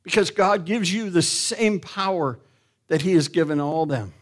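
A middle-aged pastor delivers a sermon in a slightly high voice. He speaks plainly to the congregation, puts questions to them and builds to forceful, emphatic calls. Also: moderate pace. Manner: rises to loud emphatic preaching, asks the congregation questions.

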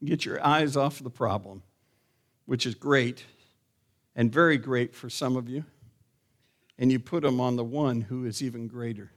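Speaking at a measured pace with long pauses, a middle-aged pastor asks his congregation questions during a sermon. His medium-pitched voice climbs to loud, emphatic calls.

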